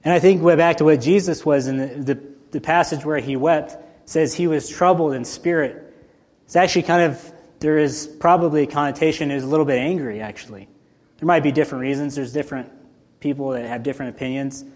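A male pastor giving a conversational, animated sermon, swinging between loud and soft. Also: fairly high pitch, brisk. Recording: long hall reverb.

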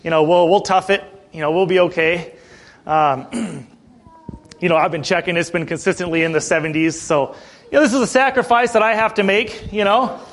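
A middle-aged male pastor preaching in a loose, chatty storytelling way, often clearing his throat. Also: high-pitched, steady tone, normal speed, fairly bright tone. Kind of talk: sermon.

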